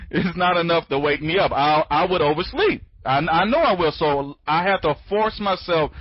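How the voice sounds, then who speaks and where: A man's voice: on the high side, slightly rough, dry recording. A sleepy man hosts an online training session, rambling and circling back to repeat his points. He restarts his sentences often and speeds up when he gets going. The sound is dry and muffled, like a cheap headset. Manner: talks fast when excited. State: sleepy, tired. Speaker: online training conference host. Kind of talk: casual live webinar talk. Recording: dry, dull lo-fi audio.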